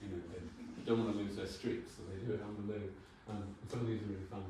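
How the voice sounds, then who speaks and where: Man in his sixties with a wry, lowish voice in a very echoey hall. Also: flat delivery, quick pace, mellow, slight background noise. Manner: wry, informal, swears for comic effect. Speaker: brand designer giving a talk. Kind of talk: conference talk. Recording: very echoey hall, mic far off.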